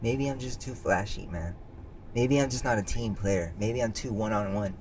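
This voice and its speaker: A young man co-hosting a casual podcast, boastful and intense, swearing constantly, turning low and brooding when he reflects. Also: normal speed, darkish tone, a little hiss or hum. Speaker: podcast co-host.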